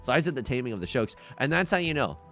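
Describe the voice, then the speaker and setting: A young man giving live game commentary to his chat, jokey and animated, often stumbling and repeating words. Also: mid-range voice, fast, soft background music. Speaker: streamer.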